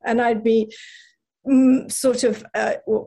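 A woman's voice: on the high side, fairly even intonation, slow pace, a little mellow, a little hiss or hum. A woman with an English accent, chatting in an interview, self-deprecating and stumbling through restarts with frequent laughs. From England. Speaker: actress guest. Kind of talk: casual interview chat.

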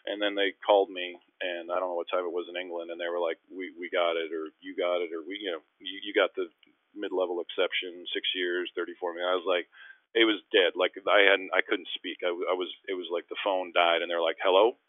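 A middle-aged former basketball player tells his stories in quick bursts, slipping into the voices of the people he quotes. His voice sits a little low and comes through a dry, tinny, phone-like line with no room around it. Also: no room sound. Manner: animated storyteller, acts out quoted voices. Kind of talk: casual storytelling interview.

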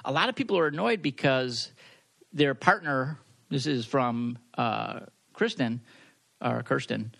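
A man's voice: mid-range voice, unhurried, gravelly, a bit bright. A man co-hosting a podcast in casual chat, reading listener posts aloud and joking at his own expense. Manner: joking, self-deprecating. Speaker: podcast co-host.

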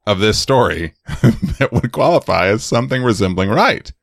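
A man's voice: lowish voice, normal speed, vocal fry, no room sound, clean studio sound. A man co-hosting a podcast, chatting casually and jokily about a film, with frequent laughter. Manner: animated, jokey, laughs a lot. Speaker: podcast co-host.

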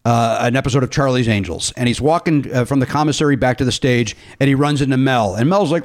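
A man hosting a podcast, telling stories in an excitable, animated way and laughing often. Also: medium pitch, fast talker. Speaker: podcast host. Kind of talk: casual chat.

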